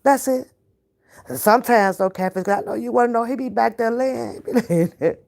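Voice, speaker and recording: A woman's voice: a little high, quick pace, gravelly, darkish tone, a little hiss or hum. A woman ranting straight at her viewers in a casual vlog, profane and often laughing. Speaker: reaction vlogger. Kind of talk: casual to-camera rant.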